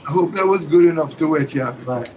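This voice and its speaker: A man's voice: a little high, fast talker, slight background noise, low-quality recording. A man from Jamaica, a musician guest talking hesitantly with many fillers between songs. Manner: soft-spoken, hesitant speech with many fillers. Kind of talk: casual chat and singing with guitar. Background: acoustic guitar.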